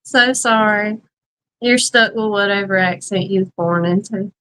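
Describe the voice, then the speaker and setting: A woman's voice: medium pitch, unhurried, a bit bright, poor audio. A woman with a Southern US accent co-hosting a casual beekeeping live chat, chatty and emphatic, laughing often. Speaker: beekeeping livestream co-host.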